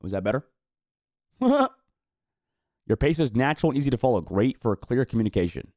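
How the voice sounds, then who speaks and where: A man's voice: mid-range voice, wildly swooping pitch, moderate pace, a little mellow, no room sound, studio quality. A man hosting a live-stream watch party, chatting casually, swearing and reacting with frustration.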